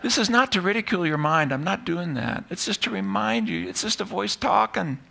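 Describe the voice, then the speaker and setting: A man's voice: sits high, sing-song, brisk, creaky, bright, forceful tone, slight background noise. A man, a psychology professor, giving a live talk to an audience in a playful, self-mocking way. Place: stage before a live audience.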